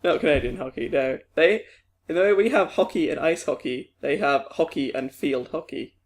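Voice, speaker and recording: A young British man co-hosting a podcast in casual chat, lively and laughing often. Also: normal speed. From Britain. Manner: lively, laughing, mimics others in high voices. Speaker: podcast co-host.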